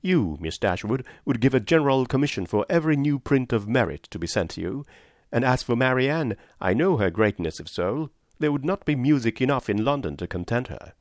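A man reading a reserved young gentleman with mild, gently teasing speech. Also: mid-range voice, expressive, a little fast, no echo, studio quality, natural voice. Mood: wry.

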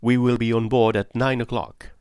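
A man reading an audiobook voices a composed English gentleman who asks calm, measured questions. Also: medium pitch, clean tone, no echo, close to an everyday voice. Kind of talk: audiobook character voice.

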